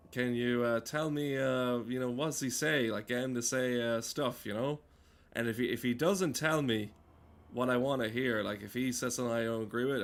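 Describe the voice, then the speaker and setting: A man's voice: medium pitch, lightly acted. A man doing a skeptical, threatening bar patron. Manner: rambling, crude, halting with fillers.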